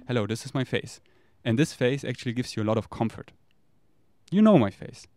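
A man rambles candidly, swearing freely as he talks. His voice is smooth and clear. It sounds dry and close, with no room echo. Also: mid-range voice, animated, brisk, dark tone. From Germany. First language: German. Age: 30s. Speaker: vlogger. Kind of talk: casual confessional monologue.

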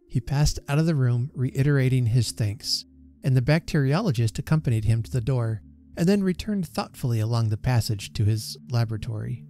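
Warm-voiced male storyteller. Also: mid-range voice. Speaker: reader and channel host. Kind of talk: storytelling reading.

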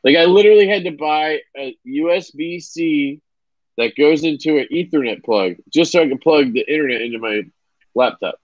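A man's voice: on the high side, moderate pace, no echo. Laid-back young man, dry lo-fi sound. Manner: laid-back, swearing, rambling with many fillers. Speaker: livestream host. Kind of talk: casual chat.

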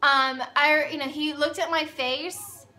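A woman with a high, bright voice telling a storytime vlog. She chats and rambles along, piling on filler words as she goes. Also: steady tone, unhurried. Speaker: vlogger.

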